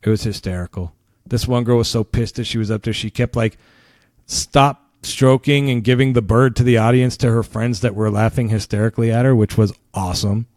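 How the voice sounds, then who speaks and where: A man's voice: medium pitch, fairly even intonation, fairly quick, darkish tone, no room sound, studio quality. A man hosting his own podcast, telling a story in a casual, swearing, rambling rant and laughing along with it. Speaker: podcast host.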